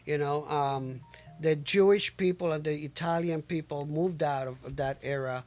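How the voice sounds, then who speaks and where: A man's voice: on the high side, unhurried, darkish tone, faint music behind. A man hosting a radio show, chatting loosely with a guest, interjecting and laughing. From New York. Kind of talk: casual interview chat.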